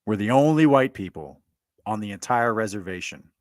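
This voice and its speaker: Blunt, stammering man with a low voice. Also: lively intonation, normal speed, no echo, studio quality. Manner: blunt, provocative, repeats himself with stammered restarts. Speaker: commentator telling a personal story. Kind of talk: monologue recounting a conversation.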